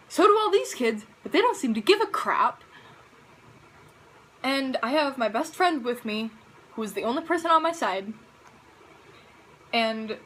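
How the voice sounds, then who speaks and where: A teenage girl with a high voice talks straight to her camera as a casual vlogger. Her pitch swings all over as she tells a story. She sounds dramatic and full of exclamations. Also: a bit bright, a little hiss or hum, rough recording. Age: teens.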